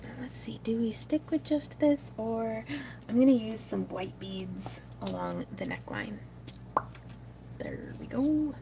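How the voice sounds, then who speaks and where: Woman craft-stream host, middle-aged, husky-fry texture, chatty with quiet muttered asides. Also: on the high side, fairly even intonation, measured pace, background noise. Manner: chatty, mutters soft asides while working. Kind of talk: casual livestream chat while beading.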